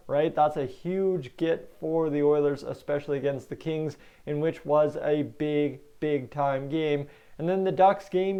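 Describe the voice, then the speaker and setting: A man with a Canadian accent hosting a hockey vlog, giving chatty, animated commentary straight to his viewers. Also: a little high, clear, resonant tone, lo-fi sound. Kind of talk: casual sports commentary.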